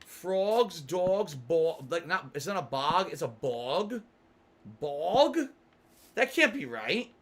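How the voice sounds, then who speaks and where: A man's voice: a little high, big pitch swings, slow. A man casually chatting on a gaming livestream, rambling and musing aloud with some swearing, yawny tonight. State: yawny, sleepy. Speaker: streamer.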